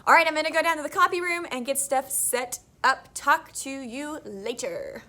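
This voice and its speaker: A woman's voice: sits high, moderate pace, bright, forceful tone. A young woman, an elementary school teacher talking in a casual, chatty vlog and laughing often.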